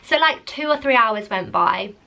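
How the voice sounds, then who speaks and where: A young vlogger tells a story to camera at a moderate pace, her slightly high voice carrying vocal fry. She's chatty and animated, saying "like" constantly.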